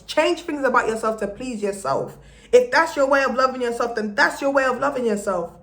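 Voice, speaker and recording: A woman's voice: on the high side, fairly bright tone. A young woman giving a blunt, profane motivational vlog rant and slipping into Jamaican-style patois. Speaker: vlogger. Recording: roomy echo.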